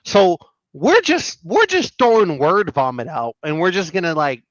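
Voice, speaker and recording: A man hosting a casual political commentary show, reacting to clips in an animated, mocking way. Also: high-pitched, a little slow, dry recording, dull audio.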